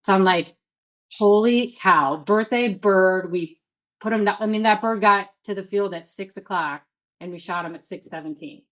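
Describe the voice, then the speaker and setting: A woman's voice: medium pitch, fairly even intonation, fairly quick, rough recording. A woman in her thirties from the Midwest, telling a story as a guest in a casual interview, full of "like" and quoted self-talk.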